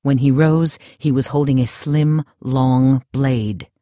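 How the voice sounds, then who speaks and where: A man narrating an audiobook in calm, steady scripted narration. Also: medium pitch, slow, no echo, studio quality.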